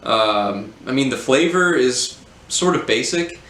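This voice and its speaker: A man casually reviewing a beer, relaxed and hesitant with many ums. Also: mid-range voice, takes it slowly. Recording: roomy echo, faint hum.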